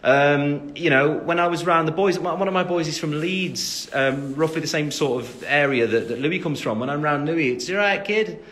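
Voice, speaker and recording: This young English-accented man from the West Midlands has a fairly high, slightly bright voice and a moderate pace with hardly any pauses. As a singer on a casual phone livestream, he reads out fan questions between lots of ums.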